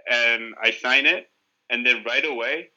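Bright-voiced man telling a rambling story. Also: mid-range voice, a little slow, poor audio. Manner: rambling, profane, heavy use of filler "like". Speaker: podcast guest. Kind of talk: casual storytelling chat.

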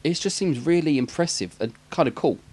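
A man's voice: on the high side, lively intonation, brisk, darkish tone, husky. Chatty, jokey English man. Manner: jokey, rambling, laughs often. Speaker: podcast co-host. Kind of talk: casual chat about a film.

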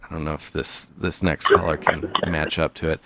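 A man's voice: rumbling low, little pitch movement, normal speed, vocal fry, over loud music. A man hosting a comedy podcast with call-ins, talking in a mock-earnest, playful way with stammered restarts. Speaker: podcast host.

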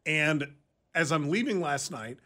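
Bright animated man radio co-host. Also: on the high side. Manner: quick to rib, storytelling, animated. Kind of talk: casual on-air banter. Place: radio studio.

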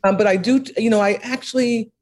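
A woman's voice: a little high, fairly even intonation, fairly quick, darkish tone. An older woman being interviewed, talking earnestly and emphatically about her past, often repeating phrases and laughing between thoughts. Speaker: interview guest, author. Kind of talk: reflective interview conversation.

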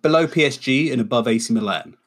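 A man's voice: mid-range voice, animated, fast, fairly bright tone. A man hosting a casual football podcast, running the segments and quizzing his co-hosts. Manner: runs the segments, reads out lists, quizzes the others. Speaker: podcast host.

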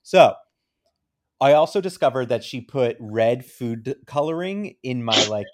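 A man's voice: medium pitch, lively intonation, a little slow, a crowd in the background. A man co-hosting a podcast, telling a story in casual chat and acting out both sides of a conversation. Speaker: podcast co-host.

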